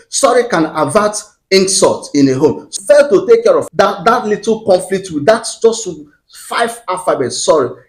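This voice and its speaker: Man giving emphatic marriage advice. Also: a little high. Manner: emphatic, repeats phrases, asks rhetorical questions; Christian framing of marriage. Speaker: channel host giving relationship advice. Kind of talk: preachy advice talk to camera.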